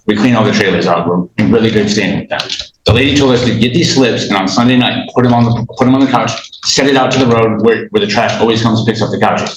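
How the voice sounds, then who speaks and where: A man's voice: fairly low pitch, quick pace, roomy sound, noisy background. A man in his thirties testifying in a courtroom, agitated and rambling, restarting his sentences and acting out what others said. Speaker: litigant in small claims court.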